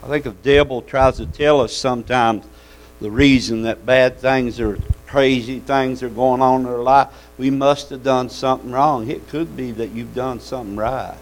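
A man's voice: medium pitch, fairly even intonation, moderate pace, low-quality recording. A man preaching a sermon in a folksy, fervent way, calling out amens and hallelujahs.

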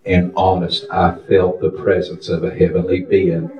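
A man's voice: sits low, little pitch movement, moderate pace, roomy sound, lo-fi sound. A man preaching a testimony sermon in a fervent, sing-song style, calling out hallelujahs, recorded from a distance in a church. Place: church sanctuary.

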